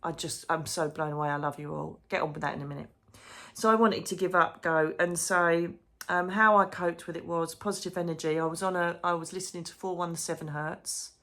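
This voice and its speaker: A woman's voice: lowish voice, steady tone, fairly quick, fairly bright tone. A woman chatting emotionally in a casual diary vlog from a hotel room. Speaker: psychic medium vlogger.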